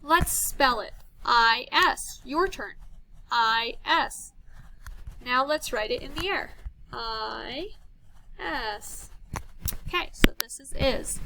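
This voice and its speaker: A high-pitched woman teaching young children to read, talking slowly and patiently as she sounds out words and counts down. A clear hiss of background noise runs under her voice. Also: expressive, sharp tone, low-quality recording. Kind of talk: early reading lesson for young children.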